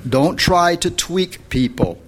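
Male host, unhurried and encouraging, pastoral tone, closes in prayer. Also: fairly high pitch, animated, a bit bright. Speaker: host, Christian talk show. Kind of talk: pastoral advice and closing prayer.

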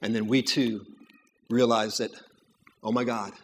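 A man preaching a sermon, moving between quiet storytelling and loud, climbing emphasis. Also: on the low side, flat delivery, a little slow. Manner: builds from hushed storytelling to loud, rising preaching.

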